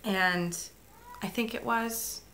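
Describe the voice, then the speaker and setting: A woman's voice: a little high, steady tone, takes it slowly, sharp tone, slight background noise. A middle-aged woman telling a story as a crafting vlogger, chatty and emotional, with many restarts and asides. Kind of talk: casual vlog chat.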